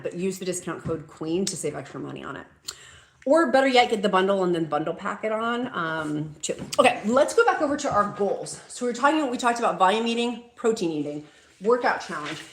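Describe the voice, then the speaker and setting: A woman, hosting a live stream from home, chatting casually and reading viewer comments aloud in a gushing, talkative way. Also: on the low side. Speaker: host of a live weight loss stream. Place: room at home. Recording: echoey room, faint noise.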